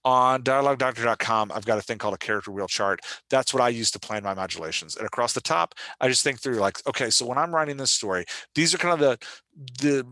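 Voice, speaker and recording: A man's voice: mid-range voice, quick pace, sharp tone, no echo. A man from Louisiana with a leftover Southern accent, hosting a solo podcast that teaches writing, self-deprecating and often checking in with "right?". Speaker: podcast host.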